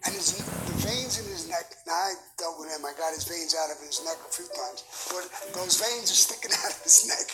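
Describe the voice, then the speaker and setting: A man's voice: a little high, moderate pace, hardly any pauses, loud music behind the voice, rough recording. A man in his seventies, a guest in an interview, telling blunt, profane stories with lots of energy. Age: 70s. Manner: profane, blunt, animated storyteller. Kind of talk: candid storytelling interview.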